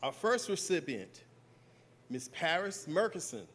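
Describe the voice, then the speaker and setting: A man's voice: a little high, very animated, a little slow, noisy background. An older man on a school's staff presenting graduation awards, jovial and joking with the crowd.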